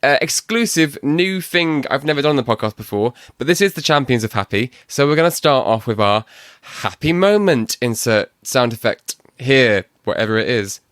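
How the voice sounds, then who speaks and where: Podcast host guy, soft northern english accent, lots of ums, dry close sound. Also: mid-range voice, lively intonation, normal speed, no room sound. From England, Manchester. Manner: chatty, self-deprecating, many ums. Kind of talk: casual podcast chat.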